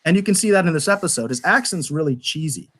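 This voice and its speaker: Animated, rambling man reviewing a show. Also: a little high, fast talker, slightly rough. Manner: animated, rambling with many restarts. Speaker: podcast co-host. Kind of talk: casual review chat. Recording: live online show.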